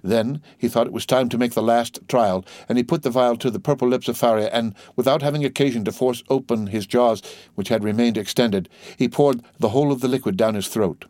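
A man narrating a classic novel in a measured, steady reading. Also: mid-range voice, no echo. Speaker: audiobook reader.

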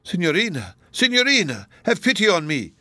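A man's voice: on the high side, normal speed, a bit bright, no echo, pitched above the performer's own voice, lightly acted. A devoted, simple-hearted young man pleads in a raised, earnest voice, as a male reader puts him on. The recording is dry and close, with no room sound. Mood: pleading.

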